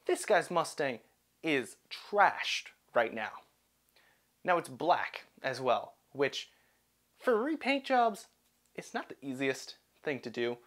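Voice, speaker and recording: A young man narrating a personal story in an animated, self-deprecating way. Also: mid-range voice, slow pace.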